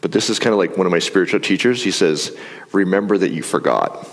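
Middle-aged man, low voice, calm stage coach for breathing, recorded live in a reverberant hall. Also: quick pace. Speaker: speaker leading a breathing exercise. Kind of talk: live talk with guided breathing. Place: large hall before an audience.

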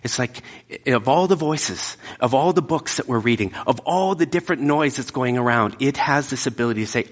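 Male preacher, lowish husky voice, long hall reverb, intense with whispered drops. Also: animated, a little fast, hardly any pauses. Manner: emphatic, drops to hushed whispers. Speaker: pastor. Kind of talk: sermon.

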